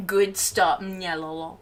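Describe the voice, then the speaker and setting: A woman's voice: medium pitch, takes it slowly. Chatty playful woman streamer. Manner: chatty, playful, talks to chat. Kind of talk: casual live-stream chat.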